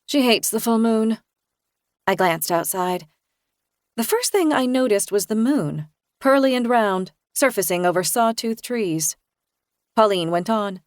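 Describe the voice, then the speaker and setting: A woman reading a first-person thriller as an audiobook narrator, in a measured, even storytelling manner. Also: mid-range voice, no room sound, clean studio sound.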